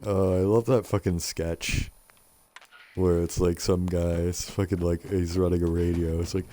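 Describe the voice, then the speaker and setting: A man's voice: deep voice, level tone, moderate pace, dark tone. A man streaming a video game, chatting casually and rambling with lots of swearing. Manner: profane, rambling, laughs at himself. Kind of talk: casual live-stream chat.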